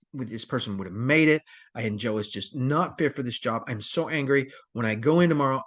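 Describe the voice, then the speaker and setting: A man's voice: medium pitch, a bit bright, natural voice. A man role-playing an angry male paramedic who rants indignantly about a coworker. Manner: indignant, ranting.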